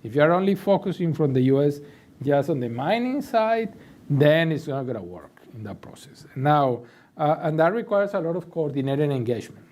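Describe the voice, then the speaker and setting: Man, panelist, fairly high voice, mellow, emphatic, structured. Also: big pitch swings, moderate pace. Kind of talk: panel discussion.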